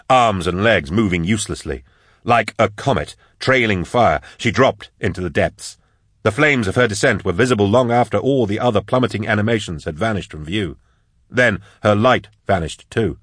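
A man with a low voice narrating an action audiobook steadily and dramatically. The recording is dry and close, made in a studio booth. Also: a bit bright, no room sound.

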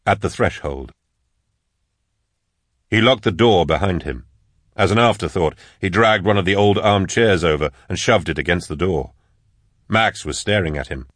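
A man narrating an audiobook chapter in a measured storytelling manner. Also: low-pitched, a bit bright, dry recording, clean studio sound. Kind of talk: scripted narration.

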